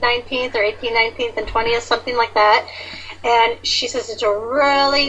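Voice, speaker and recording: Woman, animated storyteller, bright, slightly high voice, faint hiss behind. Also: dull audio. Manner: chatty, animated storyteller with many fillers. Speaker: guest sharing awakening story. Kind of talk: casual conversation.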